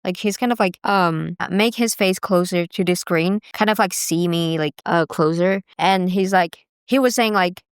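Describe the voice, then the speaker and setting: A woman's voice: lowish voice, normal speed, hardly any pauses, clear, resonant tone, no echo, clean studio sound. A young woman casually telling stories to the camera, chatty with lots of fillers and laughs. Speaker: vlogger.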